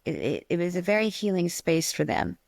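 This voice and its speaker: A woman's voice: lowish voice, a little fast, creaky, no echo. Chatty woman teacher, dry close sound. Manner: chatty, animated storytelling with acted-out quotes. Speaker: podcast co-host, stained glass teacher. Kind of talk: casual chat.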